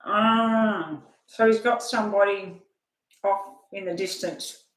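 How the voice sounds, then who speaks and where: An older woman chats her way through a live tarot reading, wandering off topic now and then and sometimes talking with her mouth full. Her voice sits at a middle pitch, and the room around her is noticeably echoey. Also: fairly even intonation, slow. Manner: chatty, rambling, talks while eating. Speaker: tarot reader.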